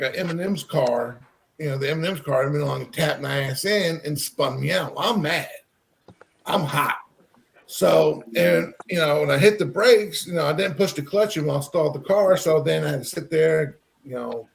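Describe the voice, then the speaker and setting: Rambling, gravelly-voiced man from Texas. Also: fairly high pitch, a little hiss or hum. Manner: rambling, animated, many fillers. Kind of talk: casual storytelling.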